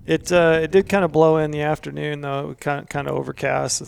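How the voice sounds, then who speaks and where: Very gravelly, flat-voiced man. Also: on the high side, slight background noise. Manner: flat, halting, self-deprecating. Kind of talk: casual chat.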